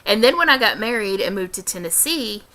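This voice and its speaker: Answering questions in a casual vlog, a young adult woman with a light Midwestern American accent speaks with careful, deliberate diction and frequent restarts. Her mid-range voice has big pitch swings and a sharp tone.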